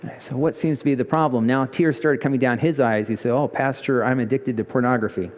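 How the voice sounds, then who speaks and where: A male pastor preaching a sermon, telling a story with lively emphasis and pitch jumps. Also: a little fast. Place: church sanctuary. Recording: church hall reverb.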